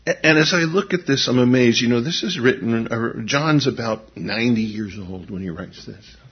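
Husky-voiced pastor in his fifties preaching. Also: medium pitch, moderate pace, muffled recording. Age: 50s. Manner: swings from hushed intensity to animated storytelling. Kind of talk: sermon.

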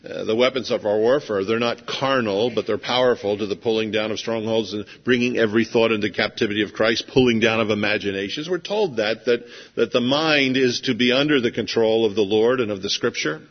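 Preaching in a conversational, storytelling manner, a man acts out scenes as he speaks. His voice is on the low side and a little fast, with few pauses. The recording is dull and lo-fi, swimming in long hall reverb.

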